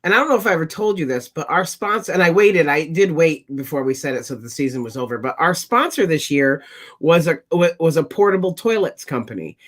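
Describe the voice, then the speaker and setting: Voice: mid-range voice, animated, a little fast, fairly bright tone. A panelist in a casual chat, telling wry, joking stories.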